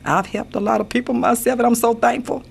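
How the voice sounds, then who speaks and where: A woman's voice: fairly high pitch, fairly even intonation, quick pace, vocal fry, slightly rough. An older woman, a senior pageant queen, answering radio interview questions in an earnest way, often repeating her phrases. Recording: AM radio broadcast with faint noise.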